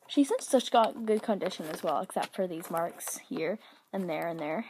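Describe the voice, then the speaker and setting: A young woman vlogging an unboxing, gushing and gasping, often dropping to an excited whisper. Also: lowish voice, moderate pace, a little hiss or hum.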